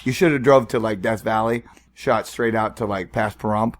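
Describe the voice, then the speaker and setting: A man's voice: on the low side, moderate pace. A man co-hosting a podcast, swearing freely in casual chat and acting out the voices in his stories. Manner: animated storyteller, swears, acts out voices. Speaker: podcast co-host.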